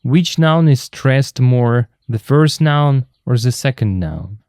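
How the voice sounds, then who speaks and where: A man explaining English vocabulary in a textbook lesson, patient and clear, and he slows down to repeat each example. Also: mid-range voice, animated, darkish tone, no echo, studio quality. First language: Russian. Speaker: English teacher.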